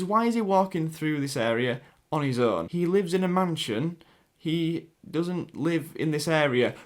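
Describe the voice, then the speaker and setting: A man's voice: on the high side, a bit bright. A man with a Sheffield accent giving casual commentary, hesitant with many restarts. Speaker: YouTube commentator.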